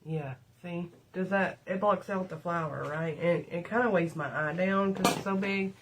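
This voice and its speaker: A middle-aged woman hosts a livestream, chatting and rambling through stories to her viewers, whom she calls "y'all," as she does her makeup. Her voice is fairly low and her speed normal, with slight background noise.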